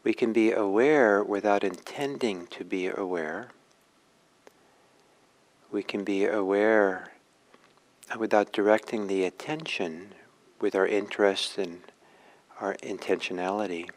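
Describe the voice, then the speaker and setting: A man guides a morning meditation in a calm, measured voice. His pitch sits low, and he talks very slowly, letting long pauses settle between short phrases as he explains the practice. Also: low-quality recording. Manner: slow, gentle, with long pauses. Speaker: meditation teacher.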